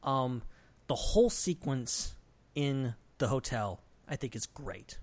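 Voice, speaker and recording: A man's voice: mid-range voice, lively intonation, slow pace. Playful, rambling man on a podcast. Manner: playful, self-mocking, loose rambling. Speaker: podcast co-host. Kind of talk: casual podcast chat.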